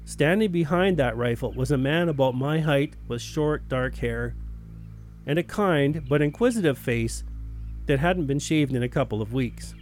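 A man's voice: medium pitch, moderate pace, a little mellow, faint music behind. A man telling a first-person story in a plain, wry narrating voice.

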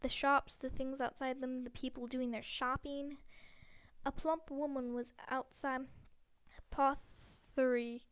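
High, clear woman reading a novel aloud. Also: little pitch movement, unhurried. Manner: stumbles and repeats words now and then. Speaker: reader.

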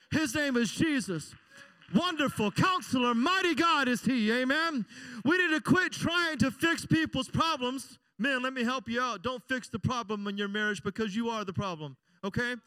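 Brief: middle-aged pastor, very high clear voice, dry close sound, chatty sermon with call-and-response. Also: male voice, moderate pace, sharp tone, no echo. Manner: conversational preaching, frequent call-and-response "amen?".

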